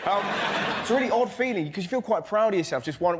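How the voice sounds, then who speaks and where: High-voiced, energetic comedian. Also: male voice, fast talker, slight background noise. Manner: energetic, breaks into loud shouted impressions. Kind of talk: stand-up on a panel show. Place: TV studio with live audience. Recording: loud studio audience laughter.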